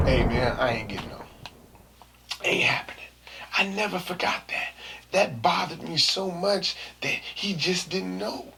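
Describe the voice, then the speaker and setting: A man's voice: on the high side, moderate pace, creaky. A man hosting his own podcast, telling a story in a casual, slangy way and acting out the quotes. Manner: animated, slangy, acts out quotes and screams. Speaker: podcast host.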